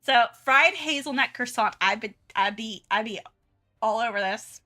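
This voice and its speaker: A woman's voice: on the high side, normal speed, sharp tone, faint music behind. A young woman chatting casually and giggling often while she draws on a live stream. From Southern United States. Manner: chatty and giggly, many restarts and fillers. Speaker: art streamer.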